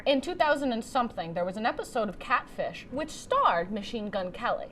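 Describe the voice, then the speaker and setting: A woman's voice: on the high side, big pitch swings, fairly quick, crowd noise. A young adult woman hosting a comedy show, delivering a playful, exaggerated monologue.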